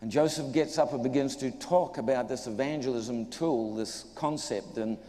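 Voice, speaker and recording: New male preacher, comic testimony storyteller, mid pitch, echoey hall sound. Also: moderate pace. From New Zealand. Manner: animated storyteller, acts out voices, jokes with audience. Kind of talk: humorous sermon testimony.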